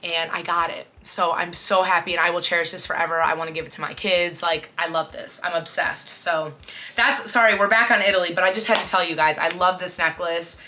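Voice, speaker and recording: A woman in her twenties chatting excitedly to camera about her outfits, with lots of fillers and quick asides. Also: lowish voice. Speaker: fashion vlogger. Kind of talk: casual chat to camera.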